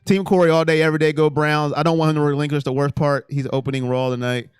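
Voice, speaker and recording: Reading out fan comments on his casual sports live stream, a man talks fast in a clear, resonant voice. He's animated, shifting from quiet mutters to loud outbursts, captured in a dry, studio-quality recording.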